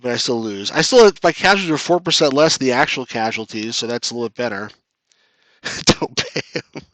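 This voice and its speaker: A man streams a retro strategy game in a chatty, joking way and talks straight to his viewers. His voice sits at an ordinary middle pitch. The sound is dry and close, with almost no room in it. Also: animated, fast talker, fairly bright tone, dry recording. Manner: chatty, reads chat aloud, jokes at his own losses. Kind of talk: casual live-stream commentary.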